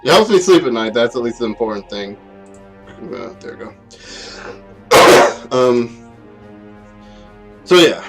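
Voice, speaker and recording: A man's voice: mid-range voice, lively intonation, slow pace, pauses often, over loud music. Rambling young man reviewing a game. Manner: rambling, laughs often, self-deprecating asides. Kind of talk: unscripted casual review.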